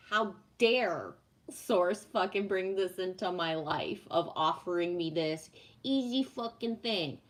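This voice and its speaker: A woman talks to her viewers on a casual spiritual livestream. Her voice sits at a middle pitch, and she vents bluntly and emphatically, swearing freely and tossing in "right?" after her points. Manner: emphatic and profane, rhetorical "right?"; blunt, animated venting.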